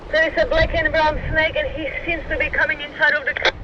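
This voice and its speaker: A woman's voice: sits high, little pitch movement, fast talker, highs cut off, a little hiss or hum. A frightened woman on a call, speaking hesitantly and asking for help. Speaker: caller.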